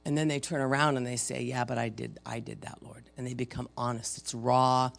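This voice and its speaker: Older male preacher, gravelly voice, talks plainly, then swells loud for scripture. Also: medium pitch, level tone, brisk. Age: 50s or older. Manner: conversational preaching, dramatic readings of scripture, swings between loud and soft. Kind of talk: sermon.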